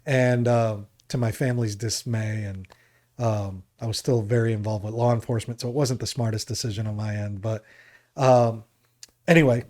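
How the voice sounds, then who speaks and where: Guy from Jersey, podcast co-host, rambling casual storyteller, middle-pitched voice. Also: darkish tone. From New Jersey, USA. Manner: rambling storyteller, acts out other people's lines.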